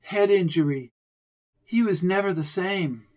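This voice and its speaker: A man reading an audiobook, voicing a grieving older society woman who speaks in a shaky, halting way. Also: sits high, darkish tone, voice pushed up. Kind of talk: audiobook character voice.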